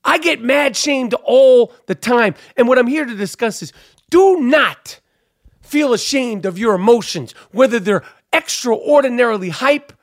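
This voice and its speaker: A man hosting a podcast, ranting loudly and profanely about sports with lots of fillers. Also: very high-pitched, no echo, studio quality. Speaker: podcast host.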